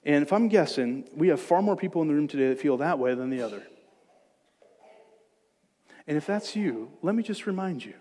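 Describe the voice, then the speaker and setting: A man with a high voice preaches a sermon to his congregation. He drops to soft, gentle reassurance, then rises to loud, emphatic exhortation. His voice rings in the long reverb of a church sanctuary. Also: lively intonation, a little fast, pauses often. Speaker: pastor.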